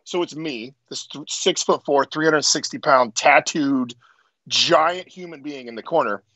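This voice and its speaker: A man who is a strongman, a podcast guest telling stories in casual chat, animated and profane. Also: on the high side, a little slow, no echo, dull audio.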